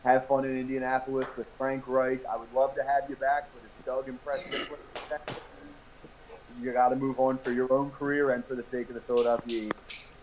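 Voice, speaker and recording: A man's voice: medium pitch, little pitch movement, a little fast, a little mellow, rough recording. Guy ranting blunt about his team on a podcast, bit of noise behind him. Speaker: podcast co-host. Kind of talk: casual sports chat.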